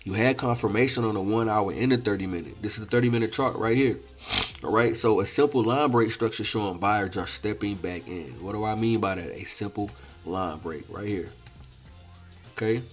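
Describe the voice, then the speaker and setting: A man's voice: fairly low pitch, fairly quick, faint music behind. A man teaching day trading over chart examples, emphatic and repetitive, often checking in with "all right?". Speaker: trading coach. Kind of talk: screen-share trading lesson.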